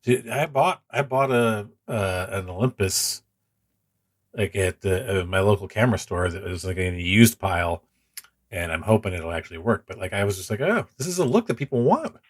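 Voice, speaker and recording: A man hosting a podcast, relaxed and chatty, chiming in with short replies and laughs. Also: sits low, moderate pace. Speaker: podcast host. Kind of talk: casual podcast chat.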